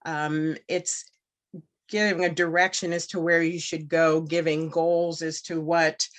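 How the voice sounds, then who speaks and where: Woman, candidate speech, earnest, emphatic, lowish voice, fillers in answers. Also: flat delivery, a little slow. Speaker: board candidate.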